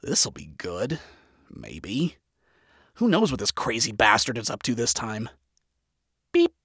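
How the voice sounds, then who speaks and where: Guy reading a story out loud, sarcastic deadpan asides, lots of swearing, dry close mic. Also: mid-range voice, slow pace, husky, no echo. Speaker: story reader. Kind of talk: first-person story narration.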